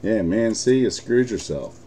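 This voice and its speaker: A man's voice: lowish voice, expressive, measured pace, mellow, a little hiss or hum. A man with an American accent hosting a live card break, chatting casually, swearing and laughing often.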